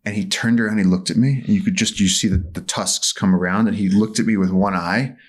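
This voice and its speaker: A man's voice: low voice, fairly even intonation, a little fast. A man telling a vivid story as a podcast guest. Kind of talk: conversational storytelling.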